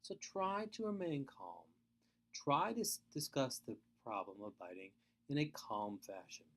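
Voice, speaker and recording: Earnest man giving a lively webinar talk. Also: medium pitch, unhurried. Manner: earnest, emphatic, repeats points. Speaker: foster care speaker. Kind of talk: webinar lecture.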